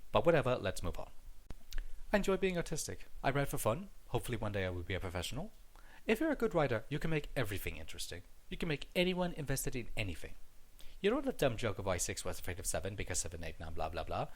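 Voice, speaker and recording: A man's voice: fairly low pitch, big pitch swings, fast talker. A young man reading a scripted stand-up comedy monologue in a wry, joking manner, recorded on a headset mic.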